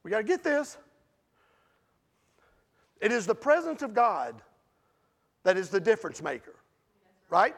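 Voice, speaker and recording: A man preaching a sermon with passion, swinging between loud outbursts and hushed storytelling. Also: sits high, big pitch swings, measured pace, vocal fry, long pauses.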